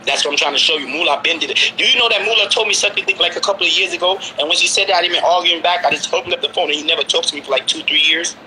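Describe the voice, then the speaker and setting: Brooklyn man, 40s, high bright voice, rapid and insistent, faint noise behind. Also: poor audio. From Brooklyn, New York. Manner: insistent, repeats himself, presses the listener with questions. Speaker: guest. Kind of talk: heated casual conversation.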